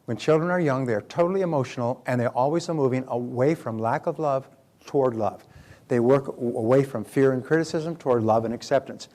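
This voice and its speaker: A man's voice: mid-range voice, brisk, dark tone. An older man giving a motivational seminar talk who often repeats and restarts words and acts out the voices he quotes. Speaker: motivational speaker.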